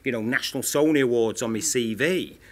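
A man in his fifties with a Manchester accent, a former TV presenter telling candid stories at a live Q&A, talking quickly and full of "you know" and restarts. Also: medium pitch. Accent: Northern English, Manchester. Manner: rapid, repeats 'you know' often, restarts. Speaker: former TV presenter, panel guest. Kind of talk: candid anecdotal talk at a live Q&A. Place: stage at a live film-institute Q&A event.

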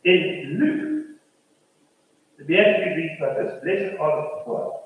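A man's voice: fairly high pitch, sing-song, slow pace. A man preaching a sermon as pastor, building his points through rhythmic repetition, recorded from a distance in a church. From South Africa. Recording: roomy church hall from a distant mic.

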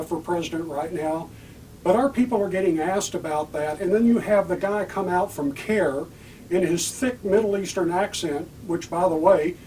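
A man's voice: high voice, darkish tone, recorded from a distance, a little hiss or hum, low-quality recording. A man hosting a political talk show, speaking in a heated, emphatic way and returning to his key words. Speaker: podcast host.

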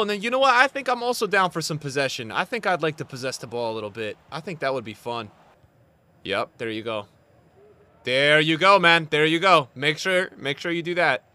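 Young guy streaming fifa, talks to chat, bright voice, jumps from mumbling to yelling. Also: on the high side. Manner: excitable, swings from mumbled asides to loud outbursts. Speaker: gaming streamer. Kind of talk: live gameplay commentary.

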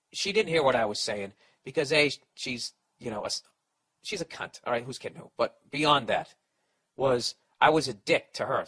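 A man's voice: mid-range voice, fairly bright tone, poor audio. A man hosting a podcast, giving blunt, profane advice in a sarcastic rant.

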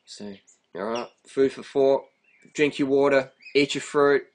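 A man's voice: medium pitch, measured pace. An Australian man with an Australian accent delivers a loose, rambling rant to camera. He keeps peppering his talk with "man" and "you know", laughing as he goes. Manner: laughs through his points. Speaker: vegan activist vlogger. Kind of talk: casual ranting monologue.

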